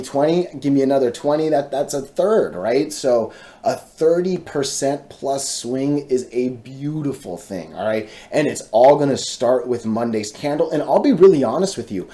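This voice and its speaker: A man giving casual, excitable stock chart commentary, chanting repeated words and checking in with viewers. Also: medium pitch. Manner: talks to viewers directly, frequent "right?" and "all right?".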